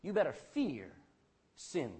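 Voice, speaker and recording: Animated preaching man, lively swings. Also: a little high, takes it slowly, slightly rough. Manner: animated preaching, swings between loud and hushed; calls for amen from the congregation. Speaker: pastor. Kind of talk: sermon.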